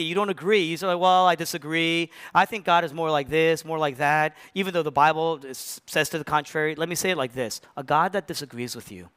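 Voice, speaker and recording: A man preaching a sermon as pastor, animated, swinging between loud rises and hushed, low lines. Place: church.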